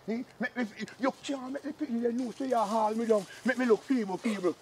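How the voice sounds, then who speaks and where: A man's voice: extremely high pitch, fairly quick, a little mellow, a little hiss or hum. A man doing a blustering old Jamaican uncle. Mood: scolding goat. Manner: blustery, boasting, scolding. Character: boastful old Jamaican uncle, proud ex-soldier. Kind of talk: comic sketch acting.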